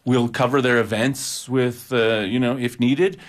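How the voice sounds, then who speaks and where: A man's voice: mid-range voice, fairly even intonation, a little slow. A man who works at a campus TV station, guesting on a radio show and talking in an enthusiastic, chatty way, often tacking on "you know what I'm saying". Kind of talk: casual interview chat.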